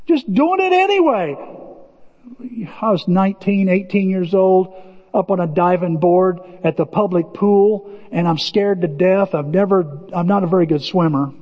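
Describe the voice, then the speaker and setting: A man preaching a sermon as pastor, animated, acting out quotes and often repeating words. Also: high voice, normal speed, in a large hall, dull audio.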